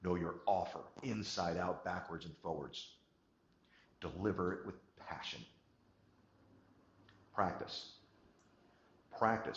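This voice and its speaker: Emphatic low-voiced man coaching a group. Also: normal speed, long pauses, reverberant, highs cut off. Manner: emphatic, shifts from quiet to energized, repeats words. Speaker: business coach. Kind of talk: motivational coaching talk.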